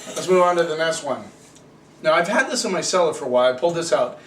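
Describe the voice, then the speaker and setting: A man's voice: a little high, lively intonation, fast talker. A man casually reviewing wines, chatty and opinionated, ranting with rhetorical questions. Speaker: wine reviewer. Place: home room with cameraman. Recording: echoey room, distant camera mic, faint hiss.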